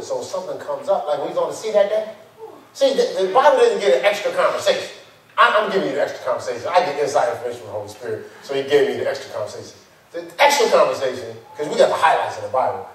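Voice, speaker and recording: A male pastor preaching in a fairly high voice. His delivery is conversational, animated storytelling full of slang. The church hall echoes heavily, and he is far from the mic. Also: a little fast. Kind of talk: sermon.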